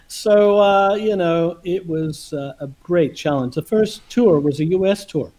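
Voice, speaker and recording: A man telling a story in casual chat over a video call, animated and laughing often as he acts out dialogue. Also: high-pitched, takes it slowly, rough recording.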